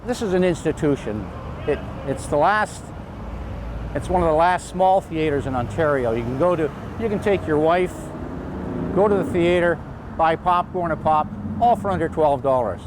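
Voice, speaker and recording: A man's voice: fairly high pitch, expressive, moderate pace, noisy background. A man from the community speaking earnestly in an outdoor interview, often repeating words. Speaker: local community member. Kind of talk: casual interview.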